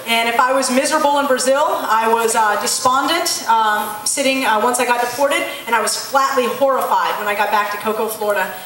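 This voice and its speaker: A woman's voice: on the high side, a little fast, hardly any pauses, fairly bright tone, slight background noise. A woman in her late twenties gives a candid personal testimony in church as a missionary. She tells her story plainly, acts out the dialogue and uses frequent ums. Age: late 20s. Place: large church hall. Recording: echoey hall, heard from far off.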